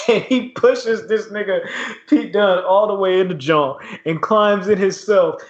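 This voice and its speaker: In a dull, lo-fi recording from an echoey room, a man co-hosting a podcast animatedly retells wrestling events, full of slang and laughs. His voice is high-pitched and his pace measured.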